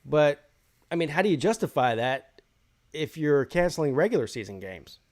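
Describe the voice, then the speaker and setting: A man's voice: on the high side, sing-song, moderate pace, darkish tone. A man hosting a live college football call-in show, giving his opinions in rambling casual talk full of restarts.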